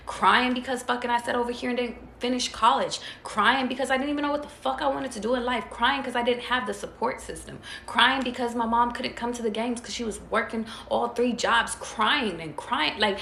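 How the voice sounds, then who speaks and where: A tarot reader gives her viewers a casual spiritual pep talk, blunt and profane, driving her points home through repetition. Her voice is on the high side, gravelly and fairly bright, in an echoey room with a faint hiss underneath.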